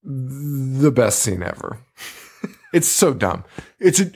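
A man's voice: mid-range voice, very animated, slow pace, a little mellow, slightly rough. A man co-hosting a podcast, rambling through a movie review in casual chat and swearing freely in exasperated, sarcastic asides. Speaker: podcast co-host.

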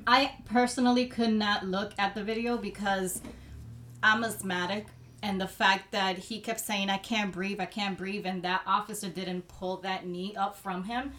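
A woman's voice: medium pitch, fairly even intonation, a little slow, a bit bright. A woman co-hosting a discussion podcast, talking in a heartfelt, emotional way. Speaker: podcast co-host.

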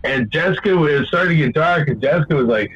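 A man telling a long story in casual chat, rambling and swearing a lot, getting animated when he quotes people. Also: a little high, a little fast, slightly rough, no room sound, muffled recording.

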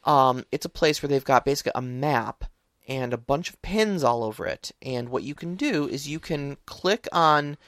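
Man, game-master co-host, mid pitch, chatty but halting, dry booth sound. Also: expressive, a bit bright, dry recording. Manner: halting, many fillers and restarts. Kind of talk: casual chat.

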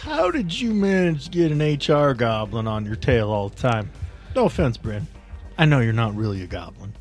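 A man's voice: medium pitch, big pitch swings, normal speed, a little mellow, soft background music. A man playing a tabletop game, speaking in character with wry jokes. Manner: wry, joking. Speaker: player. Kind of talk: in-character tabletop role-play.

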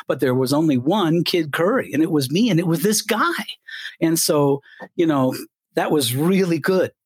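An older Colorado man, a retired radio DJ, tells animated stories as an interview guest and acts out the voices of the people in them. His voice is high and slightly rough. The recording is dry and of studio quality.

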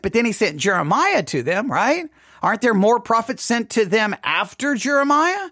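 A man leading an informal Bible study lesson, animated and questioning, acting out imagined objections. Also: sits high, normal speed, no room sound, studio quality.

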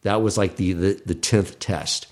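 Earnest low-voiced man telling a story. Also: measured pace. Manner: earnest, animated retelling with quoted dialogue. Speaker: podcast guest. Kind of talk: casual storytelling.

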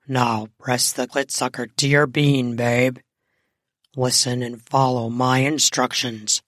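A woman voicing a confident, seductive man playing Santa, speaking in a firm, smooth, commanding way. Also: extremely low pitch, flat delivery, slow, no echo, clean studio sound, pitched below the performer's own voice.

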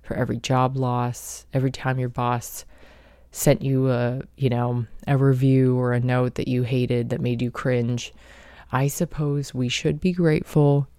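Woman host, mellow voice, dry close sound, reflective motivational talker. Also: extremely low pitch, flat delivery, a little slow, dry recording. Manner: reflective, earnest, self-help tone. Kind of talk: motivational monologue.

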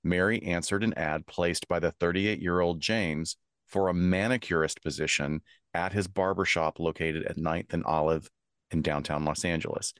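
A man's voice: low voice, steady tone, moderate pace, a bit bright, smooth, no room sound. A man co-hosting a true crime podcast, reading the case aloud and adding dry asides. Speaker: podcast co-host.

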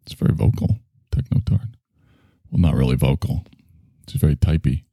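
A man's voice: extremely low pitch, moderate pace, mellow, slightly rough, no room sound, clean studio sound. A man hosting a podcast in casual chat, rambling and offhand. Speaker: podcast host.

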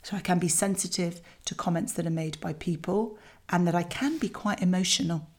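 A middle-aged woman, coaching parents in a chatty, candid way with lively asides. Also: lowish voice, brisk. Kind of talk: talking to parents about a child exercise.

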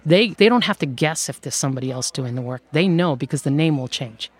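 A woman who runs an outsourcing firm, telling stories in an interview in a lively way and laughing often. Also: deep voice, brisk, breathy edge, no room sound. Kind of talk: conversational interview storytelling.

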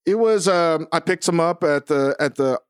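A man's voice: fairly high pitch, moderate pace, smooth, no echo, clean studio sound. A young man from Northern Virginia co-hosting a podcast, brash and teasing, cursing freely. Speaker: podcast co-host. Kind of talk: casual chat.

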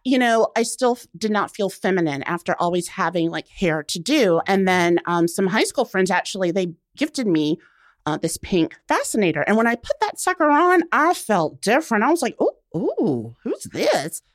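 A woman around forty, a guest on a casual radio interview, telling stories with lively acted-out quotes. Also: medium pitch, normal speed, no room sound, clean studio sound. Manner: animated storyteller, acts out quotes. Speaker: guest, blogger.

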